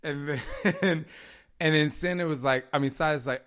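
Animated man telling family stories. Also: mid-range voice, quick pace, clean tone. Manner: animated storytelling, acts out voices in quotes, laughs often. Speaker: podcast co-host, husband and father. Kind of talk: casual couple chat.

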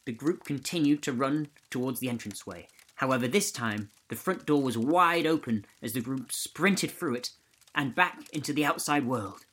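A man hosting a podcast, reading a ghost story aloud in a steady, measured way. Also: medium pitch, poor audio. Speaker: podcast host and narrator.

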